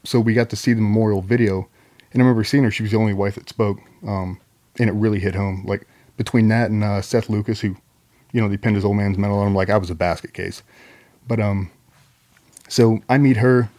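A middle-aged military veteran telling a long story in a loose, profane way, full of ums and likes. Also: male voice, lowish voice, steady tone, a little fast, darkish tone. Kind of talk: casual storytelling.

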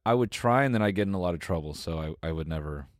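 Chill guy w a lowish voice on a podcast, swears a lot, laughs easy, pitch all over the place. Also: lively intonation, dry recording, clean studio sound. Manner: laid-back, swears often, quick to laugh. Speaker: podcast co-host. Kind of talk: casual comedic chat.

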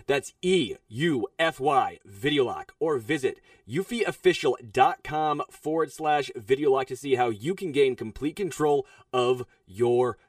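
A man reading a sponsor ad in a chatty, reassuring way, recorded dry and distant from the mic. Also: no room sound. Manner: chatty, reassuring sales pitch. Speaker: ad reader. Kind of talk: sponsor read.

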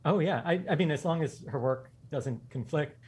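A man with a slightly husky, somewhat high voice tells stories to his podcast hosts. He speaks with eager energy and laughs often. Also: a little mellow. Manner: enthusiastic anecdotes, quick, laughing. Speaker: guest. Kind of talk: storytelling in a casual interview.

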